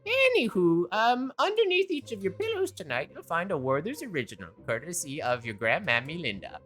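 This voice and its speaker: A woman voicing a feisty, defiant ninety-year-old grandmother who blurts things out loudly in a tabletop game. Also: lowish voice, sing-song, brisk, faint music behind, voice pushed up. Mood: chirpy. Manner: loud, brash outbursts.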